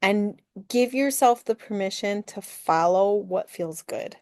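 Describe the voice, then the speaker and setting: A woman's voice: medium pitch, unhurried, darkish tone, a little hiss or hum. A woman business coach as a guest, earnestly explaining her work with many fillers.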